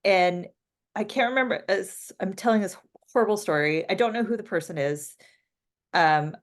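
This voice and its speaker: A woman's voice: medium pitch, lively intonation, moderate pace. An American woman co-hosting a podcast in casual, playful chat. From United States. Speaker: podcast co-host.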